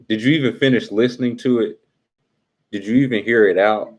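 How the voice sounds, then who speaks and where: A man's voice: lowish voice, darkish tone, dull audio. A young adult man hosting a casual live stream, teasing and talking straight to his chat in slangy speech.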